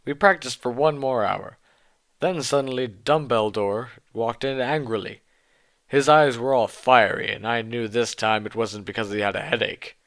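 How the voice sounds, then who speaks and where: Brief: man, mid-range voice, mock-earnest fan fiction reader with deadpan asides. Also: medium pitch, normal speed. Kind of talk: dramatic reading of fan fiction.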